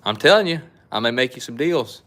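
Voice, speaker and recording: A man's voice: medium pitch, expressive, fairly quick, pushed and bright. A middle-aged man, hosting a live knife sale and chatting in a folksy, rambling way with his viewers. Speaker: knife shop host. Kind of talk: casual live-stream sales chat.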